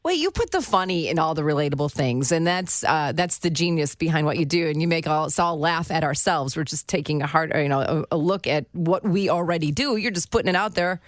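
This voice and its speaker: A woman radio co-host speaks with lively, swooping intonation and a lowish voice. She sounds enthusiastic and quick to laugh, recorded dry and close. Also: dry recording. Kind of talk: radio interview.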